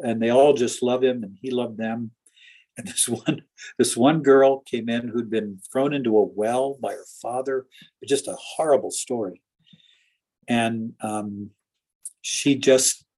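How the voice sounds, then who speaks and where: In an interview, a pastor earnestly tells anecdotes from his life in a husky, slightly breathy voice with a dark tone. His pitch is middling for a man, and his stories run on with small restarts and laughs.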